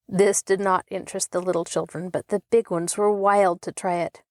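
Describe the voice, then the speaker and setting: Woman reading a children's story aloud, expressive, dry close-miked voice, storybook narration. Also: lowish voice, normal speed, few pauses, no echo. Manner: expressive, even storytelling pace. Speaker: host and audiobook narrator.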